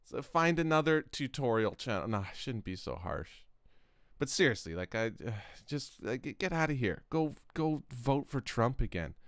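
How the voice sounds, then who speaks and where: Rambling Canadian man, smooth dry voice. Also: mid-range voice, sing-song, normal speed, a bit bright, no echo. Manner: rambling, self-interrupting, joking. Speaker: music production channel host. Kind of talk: rambling casual vlog talk. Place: home studio.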